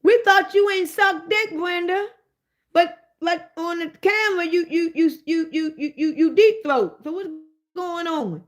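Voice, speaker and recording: A nosy, gossiping woman, as a woman puts her on, stumbling over her words as she teases. Her voice runs high. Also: measured pace. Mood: mocking. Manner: stammering, teasing.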